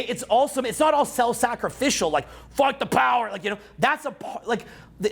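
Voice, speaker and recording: A brash Canadian dating and social skills coach in his forties gives a live seminar to a crowd, cursing as he lectures. His raspy voice swings widely in pitch, and he animates the talk with mocking put-on voices.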